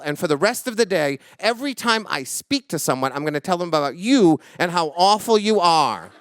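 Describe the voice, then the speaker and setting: On stage with a microphone, a man in his forties tells a true story live, his high-pitched, smooth voice moving at normal speed as it swings from loud indignation to hushed reflection.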